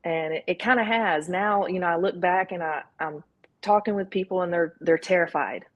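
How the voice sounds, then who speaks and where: A woman's voice: on the low side, normal speed, highs cut off. A woman with a Southern US accent, a guest in an interview, talking candidly and quoting her own inner thoughts. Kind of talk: casual interview talk.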